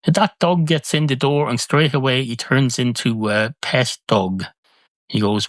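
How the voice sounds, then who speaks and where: A man's voice: medium pitch, a little slow, no room sound. A man hosting a comedy podcast alone, rambling through silly musings and correcting himself mid-thought. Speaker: podcast host. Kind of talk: comedic solo monologue.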